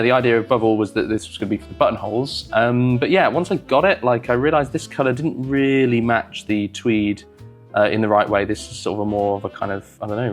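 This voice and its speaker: A man vlogging about sewing, rambling casually with wry, self-deprecating asides and many fillers. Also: fairly low pitch. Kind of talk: casual talk to camera while sewing.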